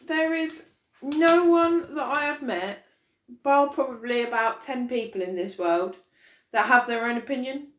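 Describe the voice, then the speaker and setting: A woman's voice: sits high, a little slow, a bit bright. A woman co-hosting a casual podcast, wry and opinionated, teasing her co-host. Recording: echoey room.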